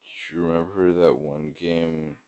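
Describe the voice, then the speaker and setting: A man hosting a podcast, delivering a rambling deadpan comedy monologue full of fillers and hesitations. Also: low-pitched, measured pace, dull audio. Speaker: podcast host.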